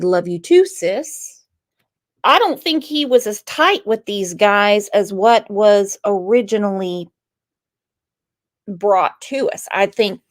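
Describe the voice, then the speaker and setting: Slow, chatty woman streamer. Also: medium pitch, fairly bright tone. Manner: unhurried, chatty, reads viewer comments aloud. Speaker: true crime channel host. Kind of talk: casual live-stream commentary.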